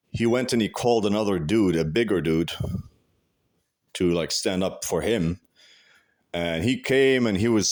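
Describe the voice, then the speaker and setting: A man's voice: sits low, a little mellow. A man in a casual rant, profane and agitated, swearing heavily and restarting his sentences. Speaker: vlogger.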